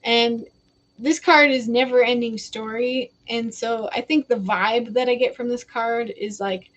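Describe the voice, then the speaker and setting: A woman's voice: fairly high pitch, steady tone, a little slow, fairly bright tone, highs cut off. Giggly young woman giving a psychic reading. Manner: chatty and giggly, quoting spirits in a casual voice. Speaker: psychic reader. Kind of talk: live-stream psychic reading.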